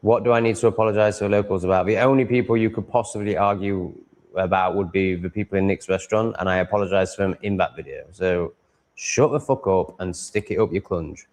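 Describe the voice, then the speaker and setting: Rambling, swearing man, low-pitched. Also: fairly even intonation, a little fast, a little mellow. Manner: rambling, profane, stumbling restarts, chuckling. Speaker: YouTuber live streaming. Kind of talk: casual live-stream chat answering comments. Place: at home with cats on his lap.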